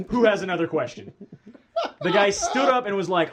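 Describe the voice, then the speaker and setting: A man's voice: fairly high pitch, very animated, normal speed, pauses often, a bit bright. A man hosting a casual podcast, telling stories with frequent laughs and steering the talk between topics. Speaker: podcast host. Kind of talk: casual chat.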